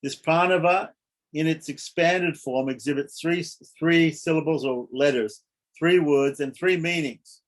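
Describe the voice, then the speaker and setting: Emphatic man teaching scripture, higher voice. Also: a little slow. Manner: emphatic, repeats key points for stress; explains step by step, asks "right?". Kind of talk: lecture on scripture.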